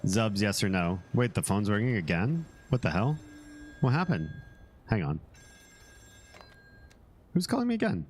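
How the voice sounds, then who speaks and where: A man's voice: mid-range voice, huge pitch swings, a little slow, long pauses, a little mellow, slight background noise. A man from Finland and the United States chatting casually while streaming a game, rambling, joking and swearing. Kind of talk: casual gameplay stream chat.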